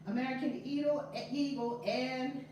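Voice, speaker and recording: A woman hosting a live-streamed class, energetic and encouraging, greeting viewers and repeating key points. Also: high-pitched, unhurried. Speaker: teacher and host. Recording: echoey room, distant mic, faint noise.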